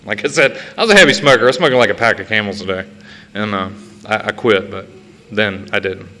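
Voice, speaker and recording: At a meeting, a man shares his personal recovery story, swearing, mocking himself, and laughing at his own words. He talks fast in a lowish, pushed, bright voice, and the recording carries the echo of a reverberant hall.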